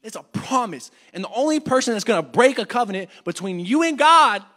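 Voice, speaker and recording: A young man teaching an adult church class, earnestly swinging between loud urging and hushed reflection. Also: extremely high pitch, expressive, a little fast. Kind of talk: sermon.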